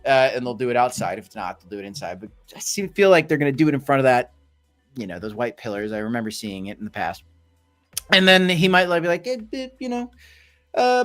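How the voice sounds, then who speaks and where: A man's voice: medium pitch, a bit bright. A man hosting a casual crypto livestream, who rambles through market talk with many fillers and restarts. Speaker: crypto channel host.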